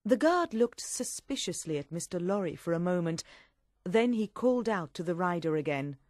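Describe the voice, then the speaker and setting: A woman reading a story aloud in a clear, steady audiobook narration. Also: fairly low pitch, normal speed, no echo, clean studio sound.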